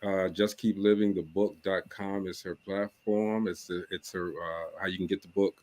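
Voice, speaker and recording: A man's voice: low-pitched, steady tone, normal speed, darkish tone, no echo. A man hosting a live talk show, who stammers a little and speaks playfully. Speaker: host.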